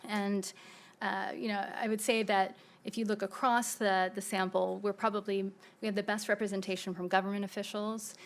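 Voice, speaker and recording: Woman presenter at a conference podium, gravelly and casual, with fillers. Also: medium pitch, flat delivery, moderate pace. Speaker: panel presenter. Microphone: podium mic.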